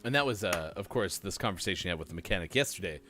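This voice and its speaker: Low-voiced guy ribbing his cohost on morning radio, faint music. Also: lively intonation, racing, sharp tone. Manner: dry teasing. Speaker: morning show co-host. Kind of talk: casual comedic radio banter.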